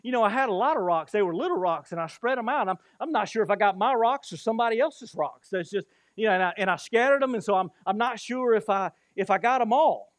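A preacher putting on a defensive, stammering man who keeps shrinking his many little wrongs, his voice pitched up above his usual talk. The sound is dry and close, with no room around it. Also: animated, quick pace, hardly any pauses, no echo. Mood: sheepish. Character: man shrugging off his many small sins.

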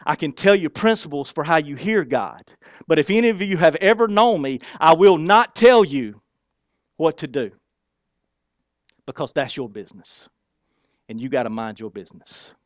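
A man's voice: a little high, sing-song, moderate pace, pauses often, no room sound. A man who is a pastor preaching a sermon in a folksy, emphatic way with casual slang.

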